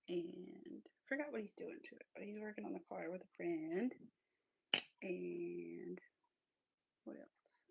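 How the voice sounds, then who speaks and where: A woman's voice: mid-range voice, gravelly, breathy edge. A woman, hosting a crochet livestream and chatting casually, often laughing and sometimes whispering while she counts stitches. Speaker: craft livestream host.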